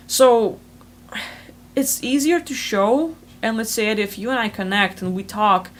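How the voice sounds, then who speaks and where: A woman hosting a spiritual channel, talking fast and rambling in a casual explanatory monologue full of fillers, recorded over a video call. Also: medium pitch, a little hiss or hum.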